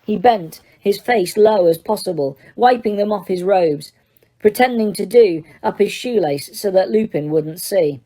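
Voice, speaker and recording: A woman narrating an audiobook in a steady, dramatic storytelling manner. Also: mid-range voice, a little slow. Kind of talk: scripted narration.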